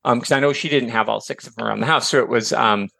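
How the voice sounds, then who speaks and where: Male podcast guest, mid-pitched, talkative and digressive, casual swearing, dry close sound. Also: quick pace, vocal fry, pushed and bright, dry recording. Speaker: podcast guest, author and teacher. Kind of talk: casual chat.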